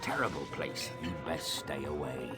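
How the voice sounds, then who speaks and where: An actor playing a big, gruff but kindly male groundskeeper in a video game, speaking in a deep, rough, folksy way. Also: sing-song, normal speed, bright, forceful tone, exaggerated voice. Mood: warning. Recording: video game audio with music behind. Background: game music.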